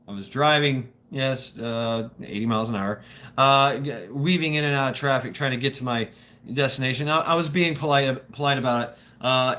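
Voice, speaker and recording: A man's voice: medium pitch, bright, forceful tone. A man talking casually to his viewers in a rambling monologue, stammering and repeating words, swearing freely and laughing as he goes.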